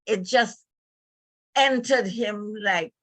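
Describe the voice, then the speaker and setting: An older woman giving a speech, telling a personal family story in an emotional, halting storyteller's way. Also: mid-range voice, fairly bright tone, dry recording. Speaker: speaker at a club meeting.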